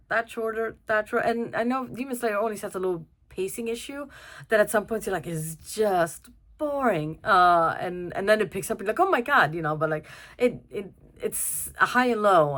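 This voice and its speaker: A young woman giving a chatty, casual film review, full of fillers and restarts and quick to laugh. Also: medium pitch, a bit bright.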